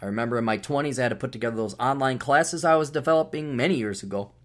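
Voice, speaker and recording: A man's voice: mid-range voice, rapid-fire. A middle-aged man hosting a podcast, talking in a rambling, sardonic solo monologue with frequent restarts. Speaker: podcast host.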